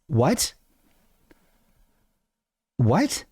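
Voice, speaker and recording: A man's voice: mid-range voice, animated, unhurried, pauses often, no echo, clean studio sound. A man hosting a live-streamed show, chatting casually and reading chat aloud in a flustered, rambling way. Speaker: podcast host.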